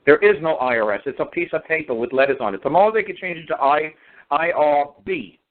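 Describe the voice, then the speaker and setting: A man with a fairly high voice speaks at a fairly quick clip as a guest on law in a casual radio conversation. He's emphatic and sarcastic, hammering the same points again and again, and the audio comes through a tinny phone line.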